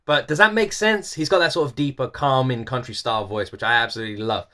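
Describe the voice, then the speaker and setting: A man's voice: mid-range voice, fast, sharp tone. A young man with a mixed British accent, raised in the UK, rambling earnestly through a reaction video with lots of fillers and repeats. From Irish-born, raised in the UK. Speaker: music reaction video host. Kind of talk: casual reaction commentary.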